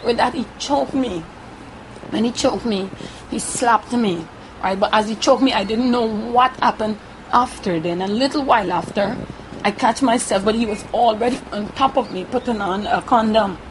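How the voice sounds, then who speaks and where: A woman with a Guyanese Creole accent giving a halting first-person account, often repeating herself and tagging her sentences with "right?". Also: fairly high pitch, noisy background. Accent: Guyanese Creole English. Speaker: interviewee.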